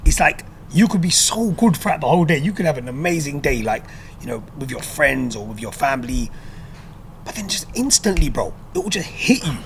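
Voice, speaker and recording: A man's voice: a little high, very animated, slight background noise. A man with a London accent hosting a podcast, talking casually and peppering his speech with "bro" and "bruv". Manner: quick, slangy, calls guest bro and bruv. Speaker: podcast host.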